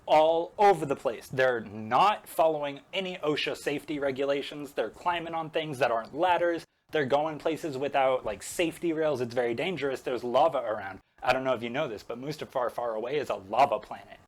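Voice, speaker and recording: A man's voice: mid-range voice, fairly quick, few pauses. A man vlogging while he paints, recapping a film in a sarcastic, rambling way full of "like".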